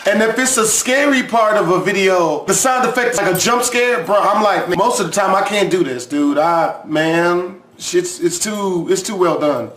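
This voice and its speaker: Man, high voice, crude reaction commentary, loud outbursts, echoey room. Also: normal speed, few pauses. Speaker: reaction video host. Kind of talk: profane comedic reaction commentary.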